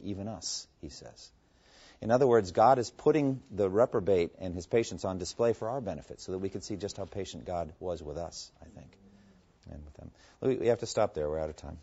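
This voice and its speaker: A man's voice: sits low, darkish tone. A man teaching a Bible study as a pastor, earnest and emphatic in a conversational way. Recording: dull lo-fi recording.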